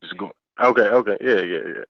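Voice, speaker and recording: A man's voice: on the low side, brisk, dry recording. Blunt male caller on a muffled line. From Michigan.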